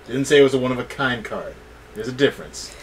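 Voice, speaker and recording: A man's voice: mid-range voice, lively intonation, fast talker. A man with an ordinary mid-range voice chimes in with dry, dismissive remarks. A faint hiss of noise sits under his voice. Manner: wry, dismissive commentary. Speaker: co-host. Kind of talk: casual review chat.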